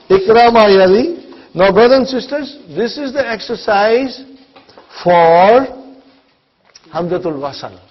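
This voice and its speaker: A man teaching an Arabic class, slowly drilling pronunciation with students and encouraging them between phrases. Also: high-pitched, expressive, breathy edge, dull audio. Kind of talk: classroom lesson with live students.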